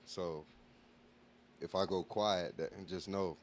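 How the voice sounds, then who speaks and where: Podcast guest guy, really deep voice, chill and thoughtful, lil bit of hiss behind. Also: fairly even intonation, takes it slowly. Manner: easygoing, reflective, says "you know what I mean" a lot. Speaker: guest musician. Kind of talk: casual interview chat.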